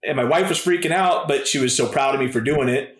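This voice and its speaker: A man's voice: mid-range voice, fast talker. Laid-back man in an echoey room. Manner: laid-back, says "dude" and "man" often. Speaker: podcast guest. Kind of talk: casual storytelling.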